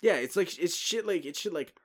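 Laid-back man with lively pitch. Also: a little fast. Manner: laid-back, filler-heavy, swearing. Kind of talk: casual chat.

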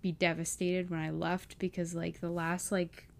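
A woman's voice: lowish voice, flat delivery, moderate pace, gravelly. A young woman vlogging casually about leaving home, emotional and close to tears, with many fillers. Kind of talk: casual personal vlog.

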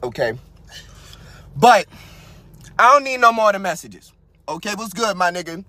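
A man hosting a podcast, giving crude, comedic commentary on a story he reads out. He swings between loud outbursts, quiet mutters and laughing at his own jokes. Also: high-pitched, expressive, moderate pace, pauses often, dry recording, clean studio sound. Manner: crude, loud, cracks himself up, trails into mutters. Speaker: podcast host.

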